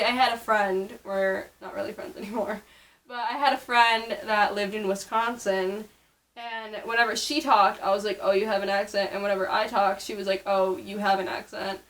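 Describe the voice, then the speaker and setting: A woman's voice: medium pitch, steady tone, moderate pace, a bit bright, low-quality recording. Young woman, upstate New York accent, casual filler-heavy vlogger chat. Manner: chatty, many fillers.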